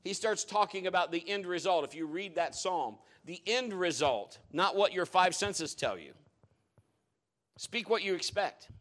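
Middle-aged male pastor, higher-pitched voice, emphatic sermon delivery with loud declarations and quiet asides. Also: animated, measured pace.

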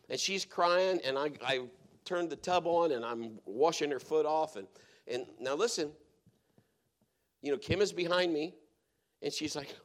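A middle-aged man preaching a sermon, telling stories and swinging between hushed, quiet passages and loud, emphatic exhortation. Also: a little high. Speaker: pastor.

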